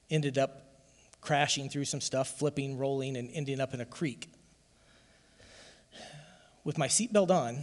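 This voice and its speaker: Emphatic male preacher in a reverberant church. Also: medium pitch. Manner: personal testimony, emphatic and emotional, rising to loud emphasis. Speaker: pastor. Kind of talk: sermon.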